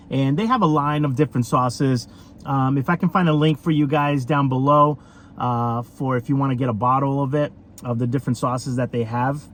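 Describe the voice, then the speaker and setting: A man talks his way through a casual food review, rambling and chatty with plenty of ums and uhs. His voice sits at an ordinary middle pitch. Faint vehicle noise hums behind him. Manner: chatty, rambling, with many fillers.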